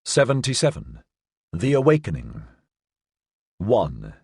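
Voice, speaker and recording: A man narrating an audiobook in a measured, formal reading. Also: fairly low pitch, wildly swooping pitch, creaky, darkish tone, slightly rough, no room sound, clean studio sound.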